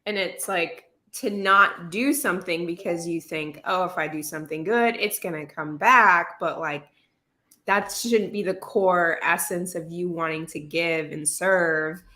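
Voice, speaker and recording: A woman's voice: lowish voice, a little slow, pushed and bright. A woman co-hosting a casual chat, adding short remarks and thoughtful comments. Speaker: podcast co-host.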